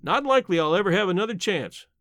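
A man voices a sharp-tongued elderly countrywoman in an audiobook, grumbling and matter-of-fact. Her talk is high-set and swings freely in pitch, with a blunt edge. The recording is dry and close with no room sound. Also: expressive, fast, dry recording. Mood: bitter, bossy. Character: blunt, plainspoken elderly aunt, woman.

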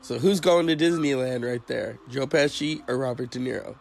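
A man hosting a casual chat, rambling and crude in a deadpan way. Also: medium pitch, moderate pace, creaky, low-quality recording.

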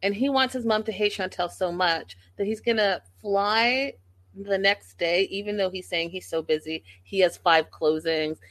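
A woman's voice: mid-range voice, normal speed, fairly bright tone, no room sound. A woman giving a casual, sassy recap of a reality show, acting out quotes in exaggerated voices.

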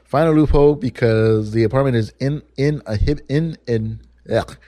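A man with a dark, mellow voice tells a rambling story full of swearing, casual and animated. His voice is close and dry on a podcast microphone, with no room sound. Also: medium pitch, normal speed, dry recording.

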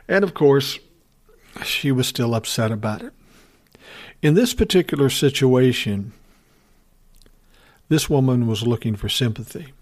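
A middle-aged man talks through a story from his working life in a plain, blunt way. His tone is wry and conversational, and his pitch sits in an ordinary middle range. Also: expressive, moderate pace, pauses often. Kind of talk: casual storytelling monologue.

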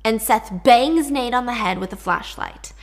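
Woman telling a creepy story casually, chatty, wry little asides, higher voice. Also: normal speed, gravelly. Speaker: story narrator.

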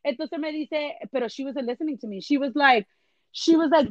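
A woman telling an animated story in a casual chat, switching between English and Spanish. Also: sits high, fairly quick, no echo, lo-fi sound. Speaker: entertainment journalist guest.

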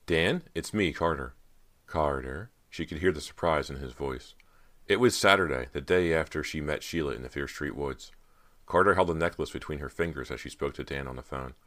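A man narrating a teen horror audiobook in a measured storytelling manner. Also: very deep voice, fairly bright tone. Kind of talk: scripted narration.

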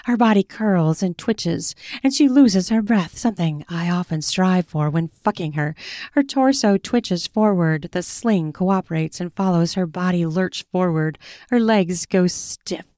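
A woman author reading her own first-person erotic story in a slow, intimate, deliberate way. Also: on the low side, mellow, no echo, clean studio sound.

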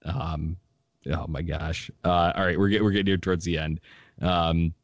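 Casting: very low-voiced male host, dry close sound, lively recap, frequent laughter. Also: moderate pace, no room sound, muffled recording. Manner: animated, laughing, quoting others in lively bursts. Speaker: sports podcast host. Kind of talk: casual sports chat.

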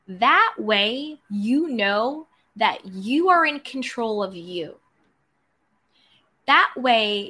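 Earnest woman with a bright voice. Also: on the high side. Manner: earnest, direct, repetitive coaching phrases. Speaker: self-help speaker. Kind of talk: motivational self-help talk.

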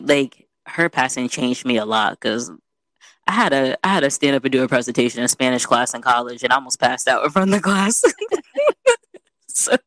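A young adult woman telling a story in casual chat, animated and chatty, full of "you know". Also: a bass voice, no room sound.

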